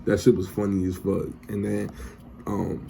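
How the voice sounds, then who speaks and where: A man's voice: deep voice, completely flat delivery, unhurried, gravelly, dark tone, slight background noise. A young man recapping a TV episode in loose, slangy, profane casual chat. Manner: loose, slangy and profane, acts out characters' lines. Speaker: TV recap vlogger.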